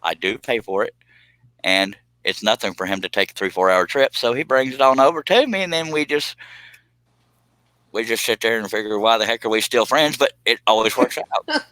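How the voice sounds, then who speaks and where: Bright-voiced man chatting on a stream. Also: mid-range voice, animated, moderate pace, no room sound, poor audio. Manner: rambling, jokey, giggly, reads viewer comments aloud. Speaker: woodworking live stream host. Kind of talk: casual live stream chat. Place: home woodworking shop.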